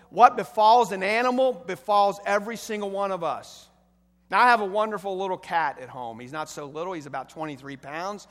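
Brief: middle-aged male pastor, high voice, emphatic sermon delivery, long hall reverb. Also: fairly bright tone. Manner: emphatic preaching with rising volume bursts.

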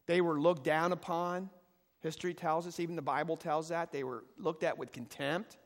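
Male pastor, high voice, impassioned sermon delivery, church hall with a long reverb tail. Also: fairly even intonation, normal speed. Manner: impassioned preaching, rising to emphatic peaks; leads the congregation in call and response. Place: church sanctuary.

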